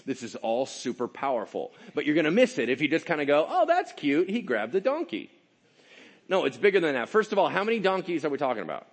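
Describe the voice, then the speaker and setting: A man preaching a sermon in an animated, conversational way, often checking in with his listeners. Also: a little high, quick pace, few pauses. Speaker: pastor.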